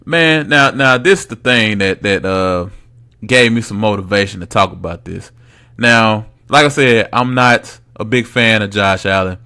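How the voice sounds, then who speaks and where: A young man hosting a casual solo sports podcast, blunt, slangy and mocking, swinging between loud bursts and low asides. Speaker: podcast host.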